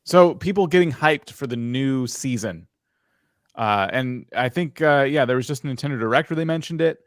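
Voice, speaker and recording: A man's voice: mid-range voice, lively intonation, moderate pace, no room sound, clean studio sound. A man hosting a live review of video channels, talking casually and frankly as he thinks aloud.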